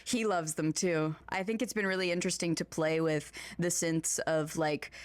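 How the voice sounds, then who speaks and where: A woman's voice: sits low, fairly even intonation, moderate pace, no room sound. A young woman from Pennsylvania chatting in an interview, laughing often and restarting her sentences. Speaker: interviewed musician. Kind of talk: casual interview chat.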